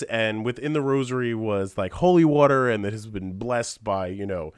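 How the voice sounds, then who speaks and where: A man with a stuffy, congested voice, telling animated stories in a casual podcast chat and swearing casually. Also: medium pitch, moderate pace, hardly any pauses, clean tone, dry recording, studio quality. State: congested from a sinus infection. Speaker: podcast regular.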